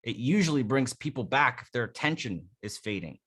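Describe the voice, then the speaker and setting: A man's voice: medium pitch, very animated, fairly quick, a bit bright, breathy edge. A male dating coach leads a live session on vocal delivery, with a mid-range voice. His talk is emphatic and casual, and he demonstrates every point he teaches.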